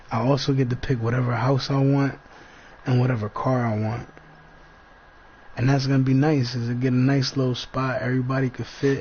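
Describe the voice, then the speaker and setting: A man in a casual rambling monologue, laid-back and slangy, talking in loose fragments. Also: medium pitch. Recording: dull lo-fi sound with faint background noise.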